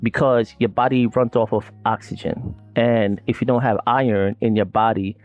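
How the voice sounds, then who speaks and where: A man's voice: on the low side, steady tone, moderate pace, darkish tone, dull audio. Slangy rambling man with faint music. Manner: slangy, loose and rambling, addresses listeners directly. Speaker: podcast host. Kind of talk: casual herbal talk.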